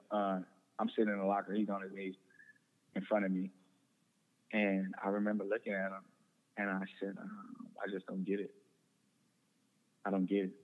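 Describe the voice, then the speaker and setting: A young man telling a personal story in an earnest way, often repeating words and restarting. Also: lowish voice. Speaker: guest. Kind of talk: personal testimony in conversation. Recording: tinny phone-like sound with long reverb.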